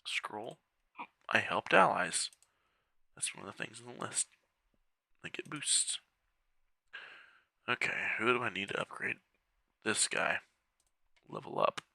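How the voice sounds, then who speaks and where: A man with a gravelly, very bright and cutting voice talks through a strategy game in a casual, chatty way, often muttering under his breath as he clicks. He has the hiccups. The sound is close and dry, with no room around it. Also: fairly low pitch, animated, normal speed, long pauses, dry recording. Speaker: game walkthrough creator. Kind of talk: casual gameplay commentary.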